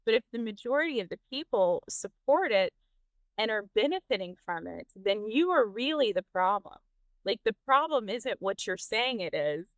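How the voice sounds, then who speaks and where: A woman's voice: mid-range voice, expressive, normal speed, no echo. A woman from Texas hosting a podcast, talking candidly with frequent laughs and restarts. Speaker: podcast host. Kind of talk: casual interview chat.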